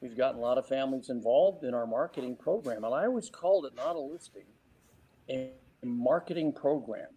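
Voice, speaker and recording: Mellow-voiced man giving sales advice. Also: mid-range voice, a little fast, breathy edge, rough recording. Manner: lively, acts out client exchanges. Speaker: real estate sales trainer. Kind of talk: interview advice.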